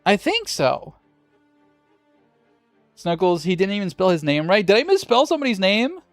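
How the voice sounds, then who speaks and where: Lively high-voiced joking male streamer. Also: normal speed, no room sound, soft background music. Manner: joking, playful, swears casually. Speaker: streamer hosting a game tournament. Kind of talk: casual livestream chat.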